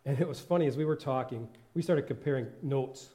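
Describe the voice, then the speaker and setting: Chatty, mellow-voiced church speaker. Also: male voice, mid-range voice, fairly quick. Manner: rambling, laughs often, self-correcting. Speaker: worship leader and lay preacher. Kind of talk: informal sermon.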